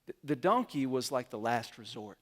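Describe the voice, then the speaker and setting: A man preaching a sermon as pastor, retelling a story and acting out the characters' lines in quick quotes. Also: medium pitch, animated, a bit bright.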